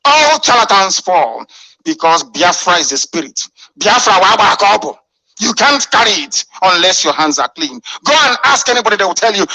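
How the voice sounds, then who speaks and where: A man's voice: very high voice, bright, forceful tone, no echo, poor audio. A man delivering a fiery, scornful radio address full of rhetorical questions. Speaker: radio broadcaster.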